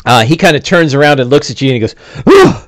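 A man's voice: medium pitch, rapid-fire, no room sound. A man narrating a tabletop game as game master, easygoing and full of "uh"s. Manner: easygoing, with many "uh"s.

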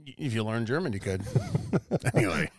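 A man's voice: on the low side, animated, normal speed. A man co-hosting a casual podcast chat, joking around crudely and bouncing between ideas. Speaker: podcast co-host.

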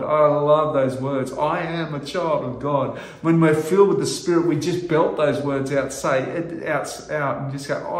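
A middle-aged man preaching a sermon as pastor, earnest and halting, restarting phrases and rising to loud emphasis. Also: on the high side, reverberant.

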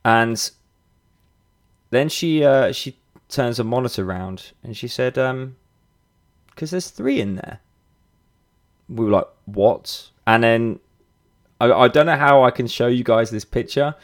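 Low-voiced man telling a candid story. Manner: candid, swearing, many fillers and restarts. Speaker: podcast host. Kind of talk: casual storytelling.

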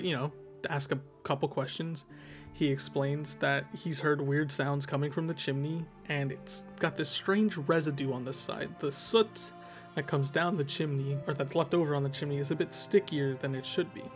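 A man hosting a podcast, casually explaining a tabletop monster encounter in a relaxed, chatty way with lots of fillers. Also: on the high side. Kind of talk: casual explanatory talk about game design. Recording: music bed behind the voice.

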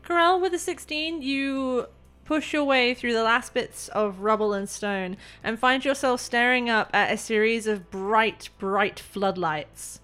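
A woman's voice: fairly high pitch, fairly bright tone, soft background music. Woman narrating a tabletop game. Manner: descriptive, measured narration with pauses. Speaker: game master.

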